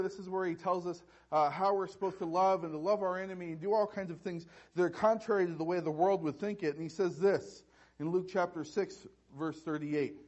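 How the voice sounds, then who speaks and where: A man preaching a sermon as pastor, halting and restarting with repeated words. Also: high-pitched, a little mellow, lo-fi sound.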